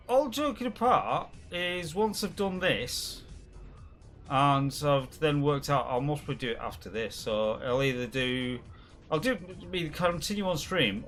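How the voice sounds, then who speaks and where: A man's voice: medium pitch, lively intonation, a little slow, fairly bright tone, faint music behind. A man hosting a live game stream, chatting casually with friends, joking and rambling with frequent laughs. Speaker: streamer host. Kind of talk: casual chat while gaming.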